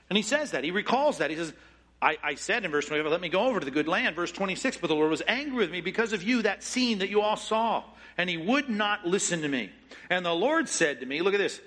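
A man preaching a sermon, acting out quoted prayers and lines from scripture with lively shifts in voice. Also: normal speed, breathy edge. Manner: expressive, acts out scripture quotes with shifting pitch and pace. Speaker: pastor.

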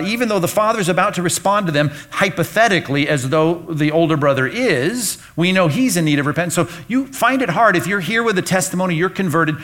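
A man's voice: fairly high pitch, fairly bright tone. A man preaching a sermon in an emphatic, rhetorical way, often acting out the thoughts of his listeners. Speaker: pastor.

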